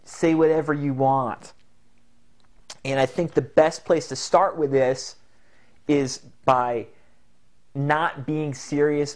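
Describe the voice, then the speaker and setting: Man, instructor, jokey, animated, mid-pitched voice. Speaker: self-help instructor. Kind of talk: instructional talk.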